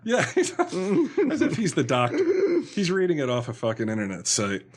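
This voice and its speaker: A man's voice: fairly high pitch, sing-song, normal speed. A man co-hosting a podcast in casual chat, laughing a lot and mocking comic dialogue in put-on voices. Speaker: podcast co-host.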